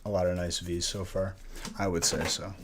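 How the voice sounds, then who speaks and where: A man's voice: deep voice, flat delivery, moderate pace, noisy background. A man hosting a live stream while opening card packs. He chats casually and jokes with viewers, greeting them by name. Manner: laid-back, joking, talks to chat by name.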